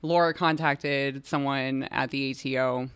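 Crisp bright-voiced male host, dry sound. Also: medium pitch, fairly even intonation, unhurried, no room sound. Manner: friendly, interjecting, backs up guests' account. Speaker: podcast host. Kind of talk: casual interview chat.

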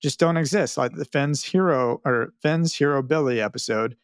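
Male podcast host, middle pitch, dry close mic, wry and self-mocking. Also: normal speed, smooth, no echo. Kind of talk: casual podcast chat, reading listener mail.

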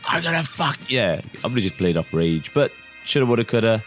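Low-voiced laid-back man. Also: sing-song, fairly quick, fairly bright tone, faint music behind. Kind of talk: casual chat.

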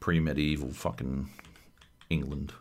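Deep-voiced, blunt, sweary man. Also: fairly even intonation, a little slow. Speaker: podcast co-host. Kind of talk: casual gaming chat.

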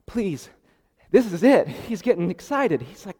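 A man preaching a sermon, animated and acting out the dialogue with sudden jumps in pitch and loudness. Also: a little slow, slightly rough. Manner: animated, acts out the dialogue with rising pitch and volume. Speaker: pastor. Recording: long reverb of a hall.

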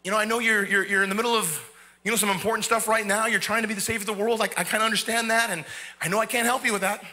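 A man's voice: high voice, steady tone, racing, bright, forceful tone. A man voicing a repentant thief on a cross, who pleads in a hesitant, apologetic, stammering way. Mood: sheepish pleading.

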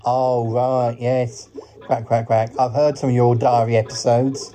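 A man's voice: medium pitch, level tone, unhurried, mellow, close to an everyday voice. A man voicing a cheerful, polite talking duck that adds quack, quack, quack to his sentences. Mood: eager. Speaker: podcast character.

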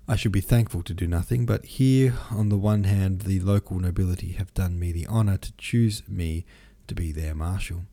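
Bitter brooding nobleman read by a guy, deep dark voice, cutting and gloomy. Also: normal speed, hardly any pauses.

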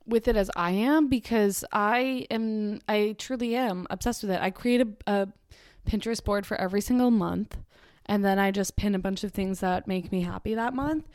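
A woman's voice: mid-range voice, clear, resonant tone, no room sound. Gushing chatty young woman, dry close mic. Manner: gushing, chatty, many fillers and restarts. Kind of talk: casual monologue.

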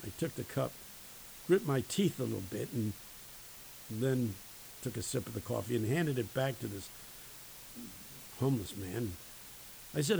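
A man who teaches at a university, preaching a sermon with emphatic, folksy storytelling and dramatic pauses. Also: medium pitch, expressive, vocal fry, darkish tone, slight background noise, rough recording.

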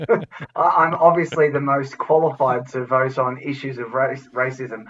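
A man's voice: medium pitch, level tone, measured pace, fairly bright tone, a little hiss or hum. An Australian man co-hosting a podcast, blunt and provocative as he muses aloud in casual banter. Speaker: podcast co-host. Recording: distant, dull lo-fi sound.

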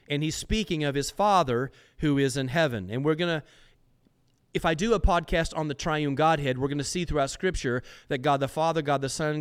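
A man hosting a Bible teaching podcast, who stresses key words slowly and forcefully and repeats phrases for emphasis. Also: fairly high pitch.

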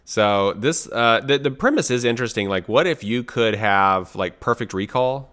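A man's voice: medium pitch, normal speed, a bit bright. A man co-hosting a podcast, chatting casually and playfully, often trailing off mid-thought. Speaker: podcast co-host. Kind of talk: casual chat.

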